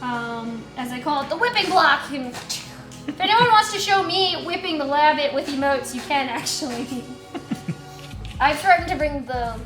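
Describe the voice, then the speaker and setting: A woman's voice: sits high, unhurried, fairly bright tone. A young woman from New Jersey hosting a casual live stream, joking and chatting with her viewers. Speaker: livestream host. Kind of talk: casual live-stream chat while painting. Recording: echoey room with music behind.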